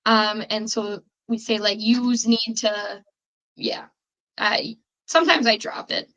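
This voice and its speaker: A young woman with a Chicago accent hosts a casual podcast quiz, chatty and rambling, with many fillers and restarts. Her mid-range voice has a sharp tone and a measured pace, in a low-quality recording.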